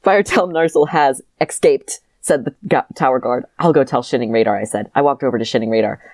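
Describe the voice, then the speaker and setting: Woman, very deep voice, quick deadpan reading, dry close sound. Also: no room sound. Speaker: podcast co-host reading aloud. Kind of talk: reading a childhood story aloud with banter.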